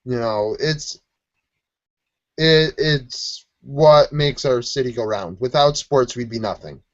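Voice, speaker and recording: A man's voice: mid-range voice, takes it slowly, dry recording, lo-fi sound. A man from Buffalo co-hosting a sports podcast, telling stories in casual chat and acting out quotes as he goes. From Buffalo, New York. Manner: rambling, animated storytelling with quoted voices.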